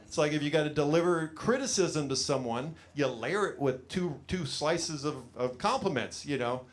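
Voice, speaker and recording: Rambling stand-up man, slightly high voice. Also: moderate pace. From California. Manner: rambling self-deprecating storytelling with many fillers. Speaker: stand-up comedian. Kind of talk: stand-up comedy set. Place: small studio stage with a live audience.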